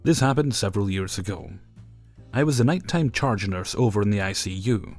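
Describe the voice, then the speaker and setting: A man's voice: lowish voice, lively intonation, normal speed, darkish tone, faint music behind. A man narrating personal stories in a wry, matter-of-fact way. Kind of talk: storytelling narration.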